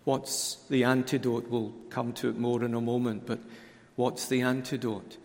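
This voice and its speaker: A man preaching a sermon at a conference, slow and emphatic, sinking to hushed tones on key words. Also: mid-range voice, flat delivery, in a large hall.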